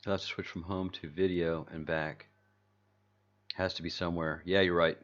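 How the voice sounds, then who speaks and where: A man with a very deep voice hosts a loose livestream, reading viewer comments aloud and circling back on his own sentences. The audio is dull and lo-fi, like a basic home stream setup. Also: flat delivery, normal speed. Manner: rambling, repeats and restarts, reads chat aloud. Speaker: channel host. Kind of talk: casual livestream chat with viewers.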